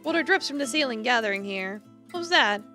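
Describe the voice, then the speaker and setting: A woman streamer reading a horror visual novel aloud in a theatrical way, swinging between hushed and emphatic lines. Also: fairly high pitch, expressive, brisk, soft background music.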